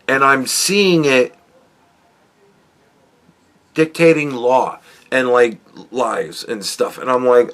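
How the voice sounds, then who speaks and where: A man holds forth on his own podcast in a loose, swearing, meandering rant. He talks at an unhurried, drawn-out pace, his voice sitting at an ordinary middle pitch, and keeps breaking into short chuckles. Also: fairly bright tone. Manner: rambling, swearing, chuckling often. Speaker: podcast host. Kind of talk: casual profane rant.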